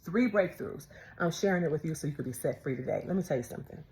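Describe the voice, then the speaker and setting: A woman preaching a devotional sermon, emphatic and repetitive, moving between loud declarations and hushed whispers. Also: deep voice, animated, fast talker, slight background noise. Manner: repeats phrases for emphasis.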